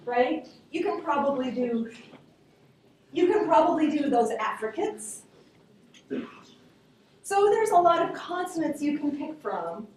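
A woman gives a lively, casual classroom lecture and keeps asking her students questions. Her voice sits fairly high. She is recorded from across a very echoey room. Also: a little hiss or hum. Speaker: linguistics teacher. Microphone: room recording from a distance. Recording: very echoey classroom, distant mic.

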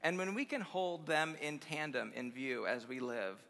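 A man's voice: on the high side, moderate pace, gravelly, sharp tone. A man giving a conference sermon to college students, upbeat and effusive, chuckling through personal stories. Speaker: guest speaker at a college chapel conference. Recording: long reverb of a large hall.

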